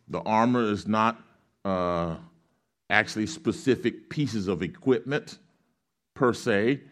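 Here a pastor with a lowish voice takes his time, delivering an unhurried sermon. Reading passages of scripture aloud, he teaches their meaning and invites the congregation to respond to his questions.

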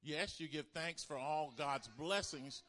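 Animated male pastor preaching. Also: a little high, measured pace. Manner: animated preaching with call-and-response. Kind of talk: sermon.

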